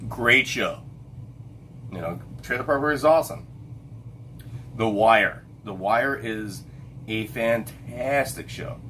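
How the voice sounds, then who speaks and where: A man's voice: mid-range voice, slow pace, pauses often, bright, forceful tone, a little hiss or hum. A middle-aged man hosting a casual late-night livestream chat, rambling and stopping to hunt for names with lots of fillers and restarts. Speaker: livestream host.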